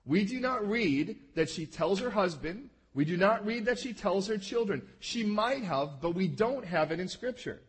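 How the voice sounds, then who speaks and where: Lively, husky-voiced man preaching. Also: high-pitched, normal speed, hardly any pauses. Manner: conversational, checks in with listeners, acts out quoted lines. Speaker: pastor. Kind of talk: sermon.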